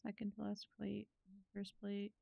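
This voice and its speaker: A young woman talks through a game stream in a loose, rambling, self-deprecating way. Her pitch sits at an ordinary middle level for a woman. The sound is dry and close, with no room echo. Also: monotone, unhurried, vocal fry, mellow. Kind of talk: casual gameplay commentary.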